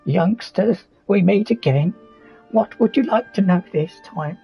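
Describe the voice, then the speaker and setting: A man voicing an aged, frail male village elder in a squeaky, quavering voice. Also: measured pace, creaky, husky, dull audio, faint music behind, heavily acted. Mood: welcoming. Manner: quavering, wheezy old-man voice.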